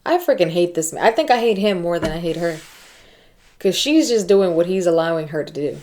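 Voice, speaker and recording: A woman's voice: on the low side, expressive, brisk, a little mellow. A woman hosting a reaction video, speaking bluntly and outspokenly in casual commentary. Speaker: reaction channel host.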